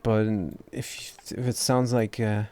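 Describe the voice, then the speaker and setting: This gaming streamer is a young man whose English carries a non-native accent; his mid-range voice is clear, resonant, a little mellow, and level in tone at a slow pace. He talks casually over his gameplay, wandering off topic, putting himself down, and tripping over words before starting them again.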